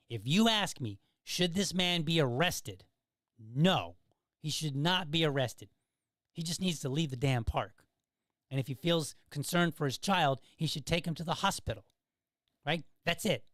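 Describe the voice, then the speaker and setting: A man's voice: a little high, fairly bright tone, no echo, clean studio sound. A middle-aged man hosting a podcast, telling a story in a casual monologue and often checking in with "okay?" and "right?". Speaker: podcast host.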